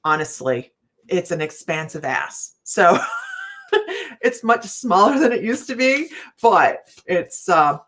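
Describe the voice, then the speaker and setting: A woman's voice: fairly low pitch, big pitch swings, slow pace, a bit bright. A middle-aged woman hosting a casual live chat with viewers, chatty and self-mocking, breaking into laughter often. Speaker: host of a psychic live chat.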